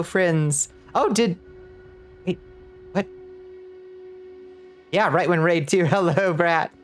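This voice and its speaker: A man's voice: fairly high pitch, clear, resonant tone, no echo. A man streaming a game live, chatting casually with viewers, greeting them and laughing often, with a light lilt. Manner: playful, greets chat warmly, laughs often. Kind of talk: casual live-stream chat while gaming. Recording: faint music behind.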